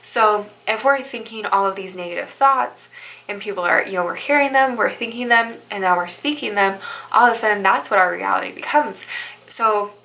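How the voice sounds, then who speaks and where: A woman's voice: medium pitch, normal speed, vocal fry, pushed and bright, poor audio. A young woman who works as a bridal stylist, giving upbeat, chatty motivational advice and often checking in with "right?". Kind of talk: motivational vlog talk.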